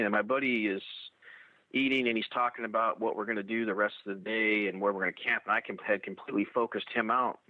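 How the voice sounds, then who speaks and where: Man, somewhat low voice, halting eyewitness storyteller, tinny phone-like radio sound. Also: fairly even intonation, no echo. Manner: halting, many restarts and fillers. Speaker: eyewitness telling an encounter. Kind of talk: first-person storytelling.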